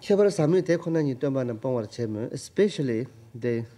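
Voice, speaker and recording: A man explains a text's grammar, going word by word and circling back with repeated phrases. His voice is dark and mellow, even in tone. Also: medium pitch, quick pace. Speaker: Tibetan language teacher. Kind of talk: casual text-study session.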